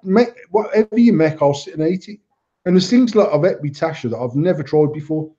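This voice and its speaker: A man's voice: a little high, fairly quick, lo-fi sound. A man with an English accent, chatting casually as a podcast host, telling stories full of swearing and quoted dialogue. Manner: swearing, storytelling, animated quoting. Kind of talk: casual banter.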